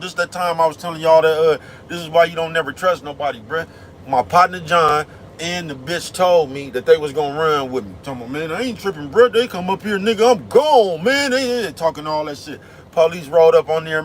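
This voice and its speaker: A man's voice: fairly high pitch, a bit bright. A man driving a big truck, rambling and preaching in slangy, casual talk to his viewers. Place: cab of a big truck on the road. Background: faint traffic noise.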